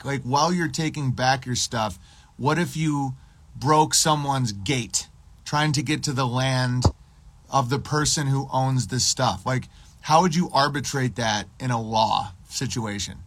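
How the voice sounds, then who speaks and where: Husky profane streamer ranting. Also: male voice, mid-range voice, measured pace, no echo. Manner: profane, sarcastic, deadpan absurd riffing.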